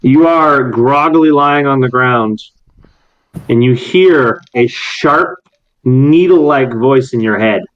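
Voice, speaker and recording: A man narrating as game master of a tabletop game, with quick, rambling asides. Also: mid-range voice, dull audio.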